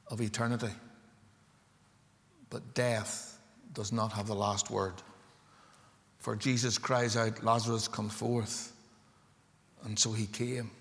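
A man's voice: medium pitch, steady tone, slow pace, pauses often, a bit bright. A male preacher delivers a fervent sermon, pressing his points with rising emphasis. His voice trails off into the long echo of a large church. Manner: impassioned, building to emphatic climaxes.

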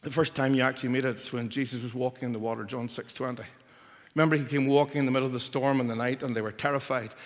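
A man's voice: medium pitch, fairly even intonation, racing. Man, preacher, sermon, emphatic repeated declarations, reverberant church hall.

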